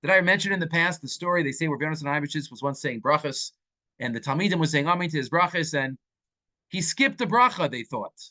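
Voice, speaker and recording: Animated rabbi teaching, voice on the high side. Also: male voice, quick pace. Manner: animated, acts out quoted speakers with swings in pitch; sprinkles Hebrew and Yiddish terms into English. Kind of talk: Torah class.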